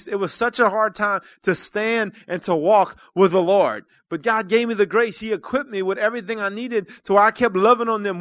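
A man preaching a sermon to his congregation. His delivery is earnest and conversational, and it swells into loud calls to the room. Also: high voice, no room sound. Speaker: church minister.

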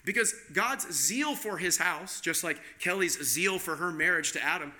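Male pastor, slightly high voice with a very bright edge; conversational sermon built on rhetorical questions. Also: expressive, moderate pace.

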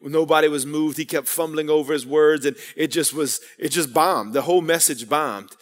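A fairly high-voiced male pastor preaches an earnest sermon, mixing stories with calls to the congregation. His voice rings through a church hall with a long reverb tail. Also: moderate pace. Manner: earnest preaching with storytelling and call-outs. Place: church sanctuary.

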